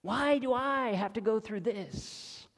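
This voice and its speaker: High-voiced young preacher in a hall. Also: male voice, slow pace. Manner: dramatic storytelling, dropping to near-whispers and rising to excited high voices. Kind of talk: sermon. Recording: long hall reverb.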